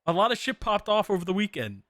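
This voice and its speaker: A man's voice: high voice, big pitch swings, quick pace, a bit bright, no room sound, studio quality. A man chatting in character as a sheriff's deputy in an online roleplay, joking and swearing as he teases his coworkers. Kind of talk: casual in-character roleplay chat.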